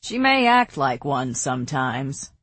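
A woman voicing a protective male warrior who speaks too quietly and firmly. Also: a bass voice, sing-song, slow, husky, no room sound, pitched below the performer's own voice, heavily acted.

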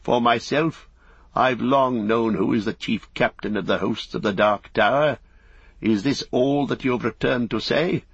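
A man voicing a proud, bitter old male lord, speaking slowly and weightily. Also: mid-range voice, husky, dry recording, lo-fi sound.

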